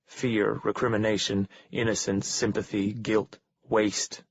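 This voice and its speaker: A man with a husky voice giving a calm, cold, measured first-person reading of a novel. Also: fairly low pitch, no echo. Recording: dull lo-fi dry recording.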